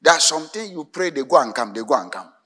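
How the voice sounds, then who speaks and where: Emphatic high-voiced Ghanaian preacher. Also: male voice, sing-song, fast talker, pushed and bright, husky. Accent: Ghanaian English. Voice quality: emphatic, asks the congregation to fill in words. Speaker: pastor. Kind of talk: sermon.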